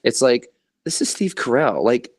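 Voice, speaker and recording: A man's voice: mid-range voice, very animated, normal speed. A young man co-hosting a fan podcast, chatting casually and rambling with lots of fillers. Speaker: podcast co-host. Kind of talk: casual chat.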